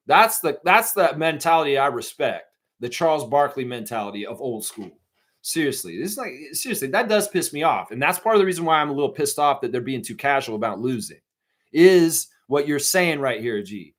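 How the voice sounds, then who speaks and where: A man's voice: mid-range voice, sing-song, brisk, fairly bright tone. Middle-aged guy ranting on his live stream, swears a lot, fired up, reads chat. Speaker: fan stream host.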